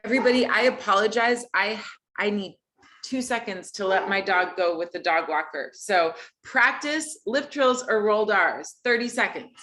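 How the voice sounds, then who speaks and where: A woman's voice: medium pitch, expressive, normal speed, bright, forceful tone. A woman teaching an online group singing lesson, friendly and encouraging in a casual way.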